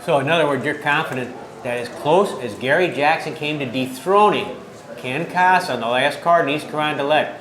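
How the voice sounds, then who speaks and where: A man interviewing wrestlers for a wrestling TV show, asking measured questions. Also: on the high side, fairly bright tone. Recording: echoey room.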